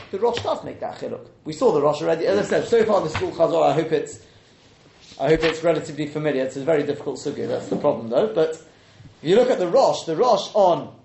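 A man teaching a Talmud class, questioning the texts out loud and mixing in Hebrew and Aramaic terms. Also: sits high, vocal fry, echoey room, slight background noise.

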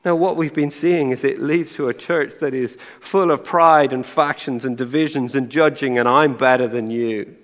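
Middle-aged male pastor, conversational sermon delivery, dry sarcastic wit, voice sitting a little high, long church-hall reverb. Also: fairly even intonation, normal speed, hardly any pauses. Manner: conversational, playfully sarcastic, rhetorical questions. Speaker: preacher.

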